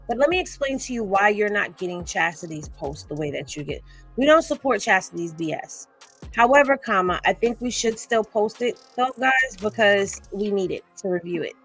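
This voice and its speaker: A chatty woman running a gossip commentary, sassy and quick to laugh. Her voice sits a little high and comes across bright and forceful, with faint music playing behind her. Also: slightly rough. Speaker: commentary host.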